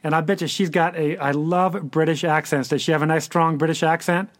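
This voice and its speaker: Man, podcast host, slightly higher voice, chatty, dry close mic. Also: fairly even intonation, brisk, no room sound. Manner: chatty, stumbling over words. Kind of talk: casual interview hosting.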